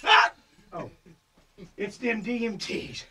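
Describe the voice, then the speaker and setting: A man's voice: high voice, takes it slowly, far from the mic, noisy background. A man playing a rowdy, drunken old male preacher who hollers and rambles in a slurred voice for an improvised comedy sketch.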